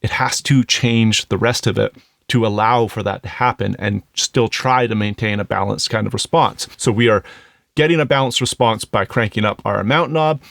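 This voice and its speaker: Male tutorial host, mid-pitched and gravelly, casual explainer, dry close mic. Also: normal speed, no echo. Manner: relaxed, explanatory, thinking aloud with fillers. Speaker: audio plugin reviewer. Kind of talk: casual screen-recorded tutorial.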